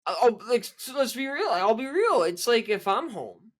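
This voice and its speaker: A man's voice: very high voice, sing-song, normal speed. Rambling male hockey podcast co-host. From Canada. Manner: rambling, many restarts and fillers. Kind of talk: casual sports chat.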